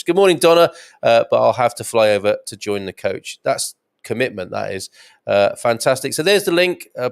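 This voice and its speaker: A man from England hosting a live stream, reading out viewer comments in a rambling, chatty way and chuckling often. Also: mid-range voice. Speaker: host.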